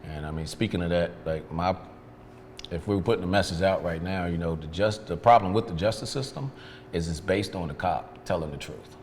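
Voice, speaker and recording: Deep-voiced man telling his story candidly. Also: fairly quick, a little hiss or hum. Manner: frank, reflective, retells events with lively quoted dialogue. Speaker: interview guest, detailing business owner. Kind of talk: candid storytelling in a sit-down interview. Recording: long reverb with faint background ambience.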